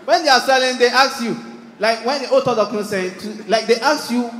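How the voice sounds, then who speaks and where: A man doing stand-up comedy with a Ghanaian accent, animated and shouting his punchlines while acting out characters. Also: very high-pitched, fairly quick. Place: live stage before an audience. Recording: echoey hall, loud crowd.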